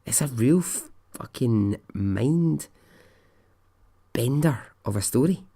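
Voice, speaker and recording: A man's voice: medium pitch, expressive, slow, warm tone. A man hosting a podcast, telling a story in a casual, rambling way and swearing freely. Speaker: podcast host.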